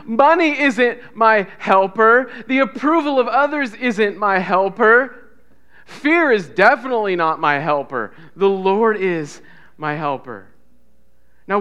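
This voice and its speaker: Male pastor, sermon, high voice, smooth, emphatic then hushed. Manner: builds to loud emphatic repetition, drops to soft near-whispers; leads congregation in call-and-response.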